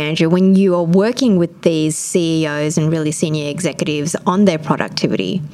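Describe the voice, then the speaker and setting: A woman asking thoughtful, measured questions as the interviewer on a work podcast. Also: low voice, dark tone, slight background noise. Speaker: interviewer, operations director.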